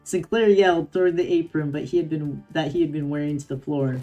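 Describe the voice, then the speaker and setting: Young woman, low voice, giggly chatty streamer, faint music behind. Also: steady tone, moderate pace, warm tone. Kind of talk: reading a game story aloud on stream.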